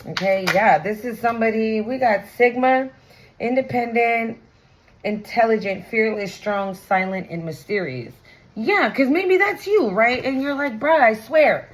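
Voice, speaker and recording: A woman's voice: fairly high pitch, animated, a little slow, rough recording. Blunt, slangy woman doing a tarot reading. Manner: chatty and blunt, swears freely, slangy. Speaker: tarot reader. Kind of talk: casual tarot reading to viewers.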